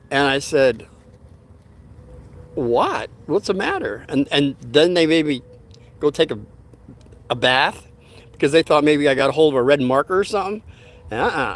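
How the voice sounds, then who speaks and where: An older man telling a rambling, folksy story on a livestream, with many pauses and fillers. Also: medium pitch. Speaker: livestream host.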